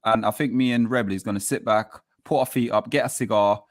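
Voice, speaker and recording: A man's voice: fairly low pitch, fairly even intonation, fast. A man hosting a casual livestream chat, plugging the channel and steering the talk from topic to topic. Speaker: show host.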